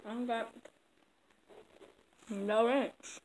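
A woman's voice: a little high, steady tone, extremely slow, a little mellow. A woman chatting casually to her viewers while eating. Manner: chatty, loose, talks with her mouth full. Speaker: vlogger. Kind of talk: casual eating vlog chat. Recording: noisy background.

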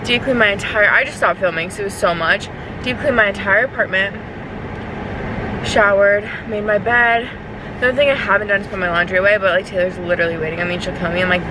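A young woman talks straight to her phone camera in a loose, rambling vlog style, laughing as she goes. Her voice sits at a middle pitch, and noticeable background noise runs under the recording. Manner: chatty, rambling, laughs often. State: out of breath. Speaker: lifestyle vlogger. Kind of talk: casual vlog chat to camera.

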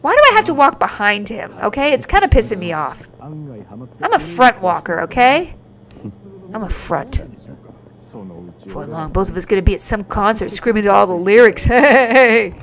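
A woman streaming a video game live, reacting excitably with yelps and exclamations. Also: fairly high pitch. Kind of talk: live gameplay commentary. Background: faint game music.

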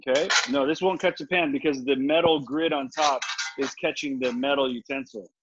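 Chatty chef teaching over a video call. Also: male voice, mid-range voice, fairly even intonation, normal speed. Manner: chatty, confident, explains each step as he cooks. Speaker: chef teaching a cooking class. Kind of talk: live online cooking demo, answering questions. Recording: slightly dull video-call audio with faint noise.

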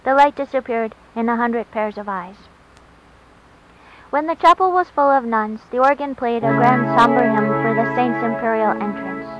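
A woman reading a short story aloud in a calm, even storytelling way, recorded on a dull lo-fi track with faint hiss. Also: a little high, moderate pace, loud music behind the voice. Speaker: narrator.

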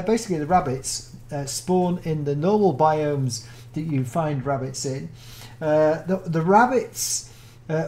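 A British-accented speaker walks through a game mod in casual commentary, gushing over everything with gasps and excited oohs. The voice has a gravelly, creaky edge and sits at a middle pitch. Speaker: Minecraft mod showcaser.

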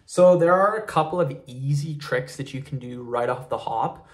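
A man hosting his own vlog, giving casual tips in a relaxed, rambling way and often calling viewers "you guys". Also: medium pitch, normal speed. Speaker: fitness YouTuber. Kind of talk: casual talking-head tips video.

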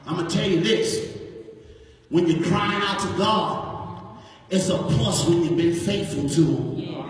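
A man's voice: high-pitched, unhurried, pauses often. A man preaching a Baptist sermon in a chanted, sing-song style, catching an "uh" breath between phrases, recorded in a church sanctuary. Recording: echoey church from far off with organ.

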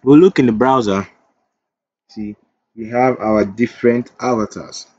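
A man's voice: mid-range voice, measured pace, mellow, no room sound, dull audio. A man teaching web development in a screen-recorded coding tutorial. He thinks aloud as he types, corrects himself, and drifts into chatty asides.

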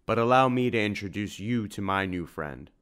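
A man's voice: on the low side, expressive, normal speed, a bit bright, smooth. A man voicing a noble, earnest vampire hunter who speaks formally and commandingly, in an audiobook reading.

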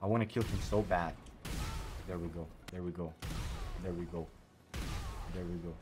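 Excitable man narrating his gameplay. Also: lowish voice, normal speed, a little hiss or hum. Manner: excitable, frequent exclamations and slang. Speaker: gaming YouTuber. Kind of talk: let's play commentary.

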